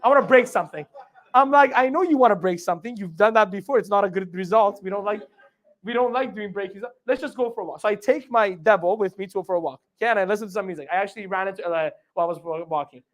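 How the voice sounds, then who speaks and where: A man giving a live motivational training talk, animated, often asking the audience questions and acting out his own inner dialogue. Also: high voice, fast. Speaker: motivational speaker.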